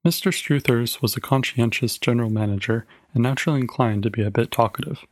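A man narrating a short story in a measured, clear reading. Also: mid-range voice, no echo.

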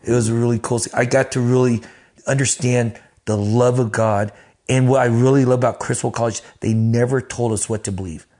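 A man telling stories as an interview guest, animated and profane, acting out the voices of the people he quotes. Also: mid-range voice, a little fast. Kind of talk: casual storytelling in an interview.

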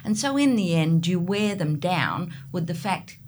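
Low-voiced animated middle-aged woman. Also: unhurried, a little hiss or hum. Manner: animated storyteller, acts out buyers. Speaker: real estate agent. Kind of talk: podcast interview.

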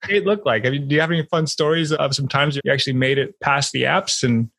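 A man's voice: mid-range voice, fast talker, creaky, fairly bright tone, no room sound. A man hosting a podcast, asking easygoing questions in a casual interview. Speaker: podcast host.

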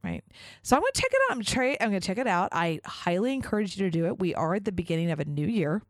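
A woman's voice: fairly low pitch, quick pace, dry recording. A woman hosting her own podcast, talking in a chatty, enthusiastic way with lots of casual fillers. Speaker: podcast host. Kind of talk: casual solo podcast monologue.

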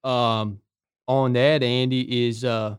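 A man as a guest on a talk show, speaking earnestly with halting restarts and calling others brother. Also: mid-range voice, level tone, clean tone, dry recording, studio quality. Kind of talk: casual conversation.

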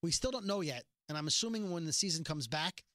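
A podcast host chats casually as he recaps a TV episode, lively and quick to perform the quoted lines in different voices. His voice sits on the high side, and the studio recording is clean with no echo.

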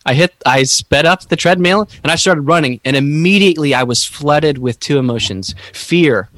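A man talking slowly and haltingly in a reflective podcast conversation, searching for his words. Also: on the high side, fairly bright tone, no echo.

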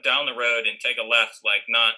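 Man, casual storyteller, very bright tone, rambling, fillers. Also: mid-range voice, steady tone, normal speed, rough recording. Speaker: guest telling a story.

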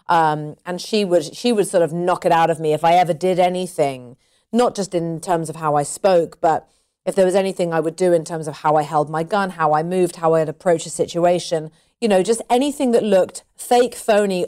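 Actress guest, low-ish voice, casual, laughing, lots of restarts. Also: female voice. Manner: animated, laughing, many restarts. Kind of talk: casual interview chat.

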